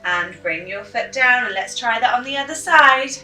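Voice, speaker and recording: A woman leading a children's yoga class through a story, with gentle, encouraging instructions. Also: on the high side, animated, moderate pace. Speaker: kids yoga teacher. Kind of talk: guided kids yoga with storytelling. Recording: roomy, mic at a distance, soft music.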